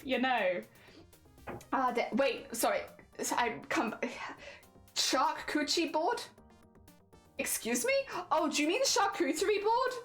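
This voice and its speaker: A young woman chatting casually on a livestream, giggly and reading chat aloud. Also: on the high side. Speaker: streamer.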